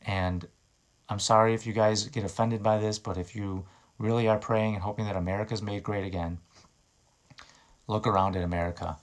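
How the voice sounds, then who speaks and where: A man with a fairly low voice delivering an informal sermon straight to his listeners. He talks earnestly and urgently, pushing hard on key words in emphatic bursts. His delivery is exhortative rather than polished. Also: steady tone, normal speed. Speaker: preacher.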